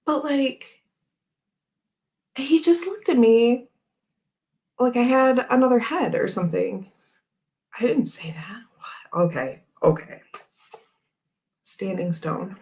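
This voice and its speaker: A woman's voice: fairly high pitch, lively intonation, slow pace, pauses often, a little mellow. A woman hosting a casual chat, telling a rambling story full of fillers and frequent laughs. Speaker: tarot channel host.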